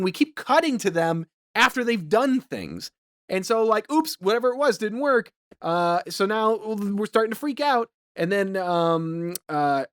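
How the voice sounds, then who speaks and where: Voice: medium pitch, no echo, clean studio sound. Profane rambling podcast co-host. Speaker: podcast co-host recapping a film. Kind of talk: casual chat.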